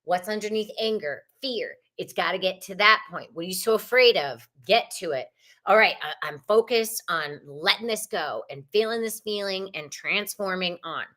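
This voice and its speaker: Female tarot host, lively and blunt, live-stream reading. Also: medium pitch, normal speed. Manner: animated, swears casually, talks straight to viewers.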